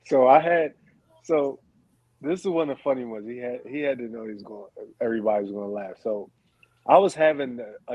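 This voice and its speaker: A man's voice: mid-range voice, darkish tone, slightly rough, dry recording, lo-fi sound. A man, a former basketball player, telling stories as a podcast guest and laughing often as he talks. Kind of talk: casual storytelling.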